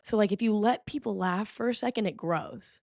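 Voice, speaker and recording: Chatty expressive woman podcast host. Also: normal speed, vocal fry, no echo, studio quality. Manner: expressive, chatty storytelling with sudden pitch jumps; frequent fillers like "okay?" and "like". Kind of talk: casual chat.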